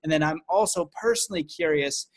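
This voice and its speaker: A man's voice: a little high, fairly quick. A man hosting a podcast, asking thoughtful, loose questions that are full of "like" and "you know". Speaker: podcast host. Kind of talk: interview questions.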